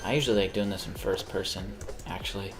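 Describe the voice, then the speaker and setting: A man's voice: low voice, steady tone, fast, over music. A young man chatting casually on a live stream while he plays games, rambling, swearing freely and poking fun at himself. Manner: rambling, profane, self-mocking.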